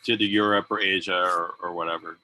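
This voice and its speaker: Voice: sits low, steady tone, fast, crowd noise, rough recording. A podcast host asking questions in a casual interview, often murmuring agreement. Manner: frequent soft backchannel agreement.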